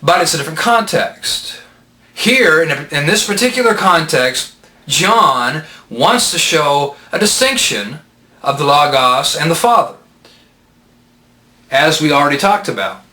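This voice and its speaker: A man's voice: a little high, lively intonation, measured pace, sharp tone, roomy sound. A man teaching Greek grammar of a Bible verse in a methodical, patient lecture, explaining step by step and asking rhetorical questions.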